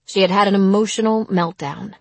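A woman narrating an audiobook in a measured, somber way. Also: medium pitch, steady tone, gravelly, no room sound.

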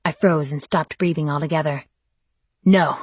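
Woman narrator, low husky voice, dry close sound, measured first-person storytelling. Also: fairly even intonation, no room sound. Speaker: audiobook narrator.

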